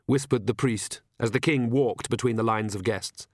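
A man narrating an audiobook in a measured, wry tone. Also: medium pitch, a little mellow, no room sound, clean studio sound.

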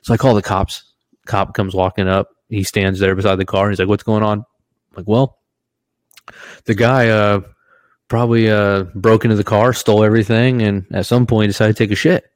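A man in his thirties co-hosting a podcast, telling a story in an animated way, swearing freely and laughing as he goes. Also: fairly low pitch, normal speed, dry recording. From Washington state, US. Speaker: podcast co-host. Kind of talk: casual storytelling chat.

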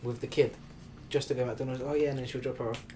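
A man's voice: medium pitch, steady tone, fast, dark tone. Young man, podcast host, casual slangy banter, faint background hiss. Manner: laid-back slangy banter, frequent laughs and restarts. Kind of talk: casual chat.

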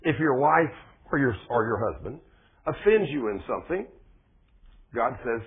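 Male preacher, husky and homespun, tinny lo-fi audio. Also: medium pitch, big pitch swings, moderate pace, long pauses. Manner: folksy, conversational preaching with plain speech and rising emphasis. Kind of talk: sermon. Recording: phone-like, thin lo-fi recording.

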